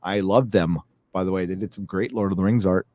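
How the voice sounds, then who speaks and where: A man's voice: sits low, steady tone, a little fast, a little mellow. A man hosting a casual panel chat, reading viewer donations aloud in a rambling way, with fillers and self-corrections.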